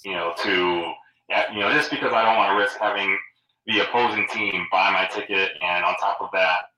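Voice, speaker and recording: A man's voice: low voice, fairly even intonation, moderate pace, pushed and bright, slight background noise. A middle-aged man chatting casually as a guest fan, hesitant, with many ums and restarts. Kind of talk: casual chat. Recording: roomy echo, distant from the mic.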